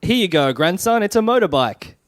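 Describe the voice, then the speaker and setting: A man co-hosting a casual podcast chat, teasing the others and quick to laugh. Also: high-pitched, very animated, no echo, clean studio sound. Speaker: podcast co-host. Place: Melbourne.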